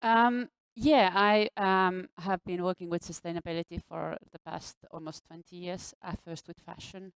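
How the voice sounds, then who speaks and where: A woman panelist speaking in a soft, hesitant way as she introduces herself. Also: fairly low pitch, steady tone, normal speed, few pauses, clear, resonant tone, no echo, low-quality recording. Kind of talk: panel talk.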